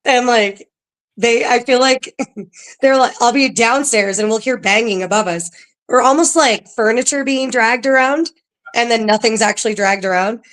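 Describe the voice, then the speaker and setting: A woman working at a haunted museum, talking casually as a podcast guest, chatty and quick to laugh, with lots of ums. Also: a little high, fairly bright tone. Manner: chatty, laughs often, filler-heavy. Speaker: paranormal museum staff guest.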